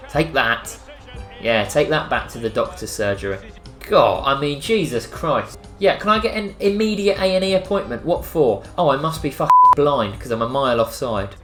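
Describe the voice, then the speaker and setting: A young man commentating on his own football video game play, joking sarcastically and breaking into excited outbursts. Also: mid-range voice. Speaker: gaming YouTuber. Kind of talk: live gameplay commentary. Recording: faint music behind voice.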